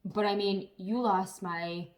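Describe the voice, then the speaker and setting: A woman chatting casually to camera as a vlogger, telling stories in an animated way with some swearing. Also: mid-range voice, takes it slowly.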